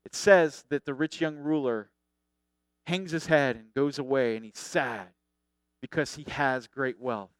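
A middle-aged man preaching a sermon as a pastor, conversational and animated, acting out the people he quotes. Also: medium pitch, a little slow, clean tone, no echo.

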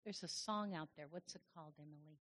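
Husky woman giving a chatty sermon. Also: low-pitched, fast talker, fairly bright tone. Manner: conversational, chatty with the audience, many restarts. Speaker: church speaker. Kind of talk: informal sermon to a congregation.

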